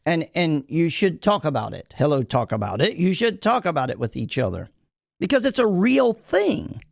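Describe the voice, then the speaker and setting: Emphatic pastor, lively and gravelly. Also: male voice, fairly high pitch, dry recording, clean studio sound. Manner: emphatic, repeats key lines slowly for emphasis; folksy, addresses listeners as y'all. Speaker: pastor and podcast host. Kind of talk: preaching-style podcast talk.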